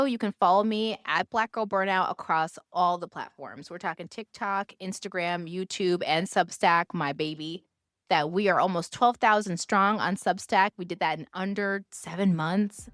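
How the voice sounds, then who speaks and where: A woman's voice: mid-range voice, a bit bright. Upbeat woman podcast host. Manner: upbeat, encouraging, chatty. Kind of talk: podcast interview and outro.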